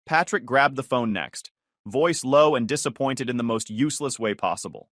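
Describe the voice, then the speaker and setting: A man giving a sardonic, deadpan first-person story narration into a close mic. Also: mid-range voice, moderate pace, no room sound.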